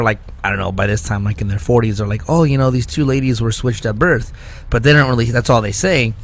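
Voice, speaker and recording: A man hosting a podcast, telling loose stories in casual chat, laughing often and leaning on "like" and "dude". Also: medium pitch. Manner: rambling storyteller, laughs often, full of "like" and "dude". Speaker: podcast host.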